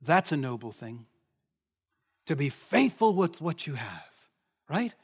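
A man's voice: on the high side, very animated, slow pace, slightly rough. A man preaching a sermon in a conversational way, often asking the listeners questions. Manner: conversational, asks the congregation questions.

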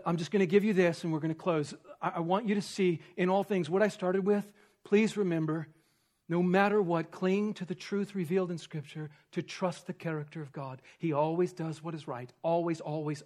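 In a high-sitting voice, a male preacher works through an expository sermon by posing rhetorical questions. His delivery shifts from forceful emphasis to quiet, near-whispered remarks.

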